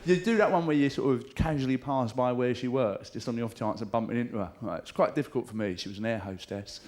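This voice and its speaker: A middle-aged comedian performs live stand-up at a comedy club, chatty and profane, imitating voices for laughs that the audience supplies. He talks fast in a medium-pitched, darkish voice, with slight background noise.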